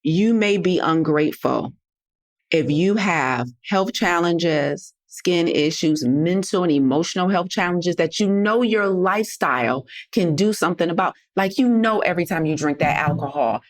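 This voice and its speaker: A woman's voice: fairly low pitch, normal speed. A woman hosting a motivational health podcast, talking to listeners in a sassy, direct, preachy way. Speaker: podcast host and health coach. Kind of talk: motivational solo podcast talk.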